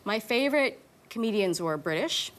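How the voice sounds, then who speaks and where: A woman's voice: mid-range voice, expressive. A woman in her thirties, an actor, talking candidly as a talk show guest and laughing often. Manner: candid, quick to laugh, mimics voices in anecdotes. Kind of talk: casual interview chat.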